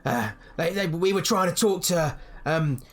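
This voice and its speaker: A man's voice: on the high side, animated, unhurried, fairly bright tone, voice pushed up, full character voice. A man voicing a rowdy, mocking drunk young villager who taunts strangers. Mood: teasing.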